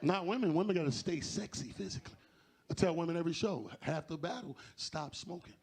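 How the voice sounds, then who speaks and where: A man's voice: on the high side, a little fast, husky. A man doing a stand-up comedy set on a club stage, acting out conversations in shifting voices. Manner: animated, acts out dialogue in shifting voices.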